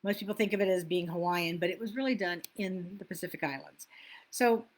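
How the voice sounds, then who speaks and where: A woman's voice: on the low side, brisk. Self-help coach, woman, middle-aged; loose, chatty delivery that wanders and self-corrects. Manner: chatty, loses her place and laughs at herself. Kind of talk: casual teaching talk.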